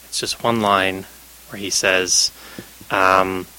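A young Canadian man, a magazine editor appearing as a radio guest, thoughtfully explains his ideas with occasional fillers. His low voice is level, slow, pushed and bright, clear and resonant, though the recording is rough.

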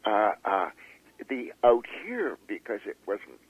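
A man, an author being interviewed, talking in a halting way with many fillers and restarts. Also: fairly low pitch, sing-song, husky, narrow, tinny audio. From Canada. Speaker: author guest. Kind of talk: interview conversation.

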